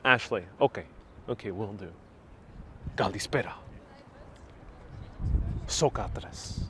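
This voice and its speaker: A man's voice: on the low side, slow, noisy background. A Spanish-speaking man hosting a live tour stream outdoors, chatting casually, laughing often and reading viewer comments aloud. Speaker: travel vlogger, live-stream host. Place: outdoors at a hilltop historic site. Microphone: phone on a gimbal with a wireless mic.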